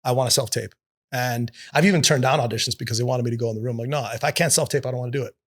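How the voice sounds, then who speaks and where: A man being interviewed as an actor and producer, telling stories in a lively, profane way and acting out the people he quotes. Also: medium pitch, racing. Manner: animated, profane, acts out quotes. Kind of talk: casual interview storytelling. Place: studio with city view.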